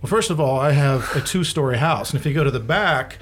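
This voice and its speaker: A man's voice: medium pitch, lively intonation, brisk, a little hiss or hum. An older man co-hosting a podcast, telling stories in a profane, ranting way, acting out the people in them. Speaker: podcast co-host. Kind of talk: casual chat.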